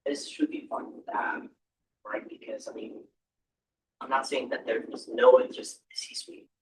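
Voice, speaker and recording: A man in the audience makes a rambling comment during a question session. His pitch swings widely. He is heard from far off the microphone. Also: huge pitch swings, normal speed. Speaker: audience member. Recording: distant from the mic.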